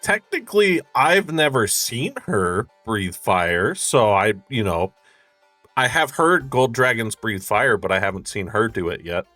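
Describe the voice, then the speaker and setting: A man's voice: lowish voice, very animated, measured pace, pushed and bright, no echo, soft background music. A man playing in a tabletop game, talking casually and earnestly in character. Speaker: player. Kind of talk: casual tabletop role-play.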